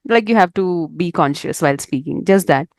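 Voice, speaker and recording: A woman with an Indian English accent, talking casually and thoughtfully about speaking clearly, often agreeing with "right". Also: lowish voice, animated, fairly quick, no echo.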